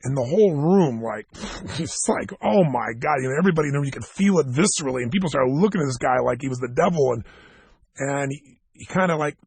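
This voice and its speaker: Gravelly, husky man telling a story. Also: mid-range voice, fairly quick, no room sound. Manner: animated storyteller who acts out dialogue. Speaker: motivational speaker. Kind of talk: storytelling seminar talk to a live audience.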